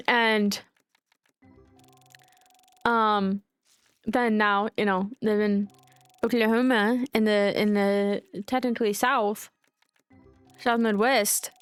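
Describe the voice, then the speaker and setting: A woman's voice: medium pitch, little pitch movement, slow, long pauses, clear, resonant tone, no echo, faint music behind. A woman from the United States streaming, chatting casually and ranting with freely dropped swears. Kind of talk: casual chat with voice call and chat.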